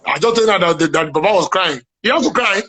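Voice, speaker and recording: A man with a Nigerian accent speaks emphatically and preachily in an interview. His voice sits high and sounds husky, and he keeps checking that the listener follows him. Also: animated, fast talker, sharp tone, low-quality recording. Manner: emphatic, preachy, repeats "are you getting me now". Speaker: guest, playwright and businessman. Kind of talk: animated interview chat.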